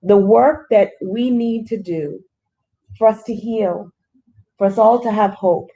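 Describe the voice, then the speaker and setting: A woman's voice: mid-range voice, a little slow, warm tone, highs cut off. A woman leading a grief support small group, talking earnestly with everyday analogies.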